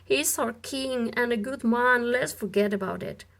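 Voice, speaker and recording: A woman's voice: fairly high pitch, unhurried, gravelly, a bit bright. A woman voicing a troubled warrior general who questions and protests anxiously. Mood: uneasy.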